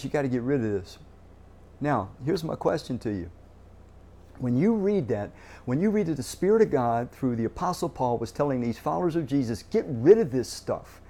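A male pastor delivers a sermon in a warm, mellow voice. He speaks earnestly and often restarts or repeats words as he builds toward a point. He keeps turning to the listeners with direct questions. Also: medium pitch.

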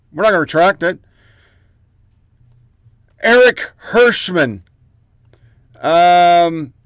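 A man's voice: high-pitched, fairly bright tone, smooth, dry recording. A man hosting a political commentary show, reading out headlines in short clipped bursts with profane, mocking asides.

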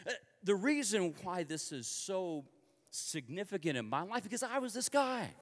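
A man from Kansas delivers a sermon in a fairly high voice that swoops up and down with energy. He talks conversationally and confessionally, as if leveling with the crowd, and his voice rings out with a long reverb tail in a large hall. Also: sing-song, moderate pace. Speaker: preacher.

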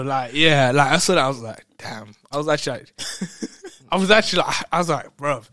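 A man telling a story in casual chat, excitable, laughing often and repeating words. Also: on the high side, fairly quick, dry recording.

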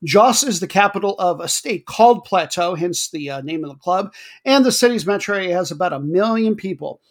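Podcast host, male, higher register, wry chatty delivery for soccer rundowns. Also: lively intonation, brisk. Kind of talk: casual football commentary.

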